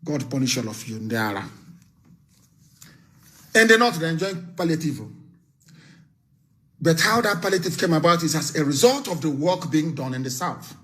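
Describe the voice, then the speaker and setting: A man with a Nigerian accent delivers a fiery live broadcast address. His voice sits high and sounds bright and forceful, and he is scornful throughout, repeating phrases and breaking into shouts. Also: animated, moderate pace, pauses often. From southeastern Nigeria. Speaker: activist leader.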